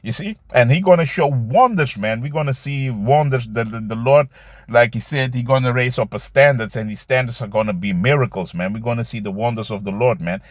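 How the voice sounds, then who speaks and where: A man teaching scripture in a loose, conversational way, reading verses slowly and commenting, often adding "man" and "you see". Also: medium pitch, no room sound, studio quality. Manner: reads verses aloud slowly, then comments.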